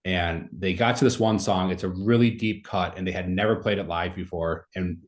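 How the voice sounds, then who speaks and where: A man's voice: deep voice, steady tone, normal speed. A man in his thirties telling a story in casual conversation as a podcast guest, rambling with many fillers.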